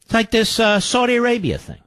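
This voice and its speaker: A man's voice: very high-pitched, huge pitch swings, a little fast, fairly bright tone, dry recording. A man hosting a political talk radio show, delivering a sarcastic, mocking monologue.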